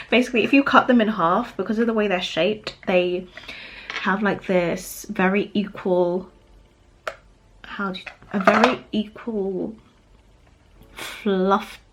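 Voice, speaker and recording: British woman, twenties, casual makeup-tutorial chatter, frequent laughs, mid pitch. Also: fairly even intonation, slow, long pauses, noisy background. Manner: chatty, laughs often, talks while applying makeup. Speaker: beauty vlogger. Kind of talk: get-ready-with-me makeup chat.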